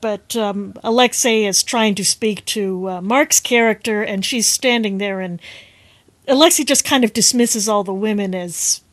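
A woman's voice: medium pitch, measured pace, no room sound. Chatty woman trading quips, dry sound. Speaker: actor guest. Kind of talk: casual panel chat.

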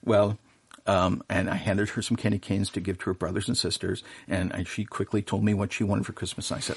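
In a casual radio interview, a middle-aged professional Santa tells earnest stories warmly, with plenty of fillers and restarts. His lowish voice is gravelly and husky, delivered briskly and flatly.

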